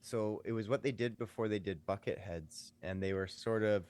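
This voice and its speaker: A man's voice: fairly low pitch, moderate pace, darkish tone, clear, resonant tone. A man co-hosting a casual podcast, eagerly guessing and cheering along during a movie quiz. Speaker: podcast co-host.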